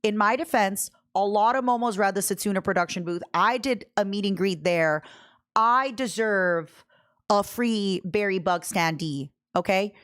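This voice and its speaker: A woman's voice: medium pitch, moderate pace, a bit bright. Young female streamer, bubbly, chatty, talks straight to her viewers. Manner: bubbly, talks to chat, jumps from topic to topic. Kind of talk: casual livestream chat.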